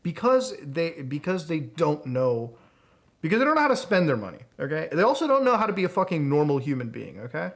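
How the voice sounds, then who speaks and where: Male streamer, high voice, swings wildly in pitch, profane exasperated rant. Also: big pitch swings, a little fast, gravelly. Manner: profane, exasperated ranting with mocking outbursts. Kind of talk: casual livestream rant.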